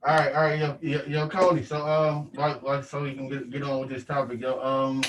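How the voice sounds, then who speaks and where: A man's voice: medium pitch, little pitch movement, far from the mic, slight background noise. Man talking loosely in an echoey room. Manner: loose, halting, many fillers. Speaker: podcast host. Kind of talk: casual chat.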